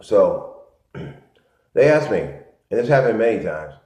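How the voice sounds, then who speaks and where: A man from Connecticut telling a rambling, repetitive story in a low-key monologue. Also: very animated, slow, a little mellow. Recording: echoey, muffled lo-fi room sound.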